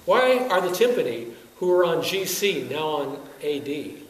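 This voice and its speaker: In a lecture room at a teaching workshop, a wind band conductor speaks to music teachers unhurriedly, his pitch fairly high. Still animated, he poses many rhetorical questions and chuckles often. The sound is echoey and far off, with a faint background hiss.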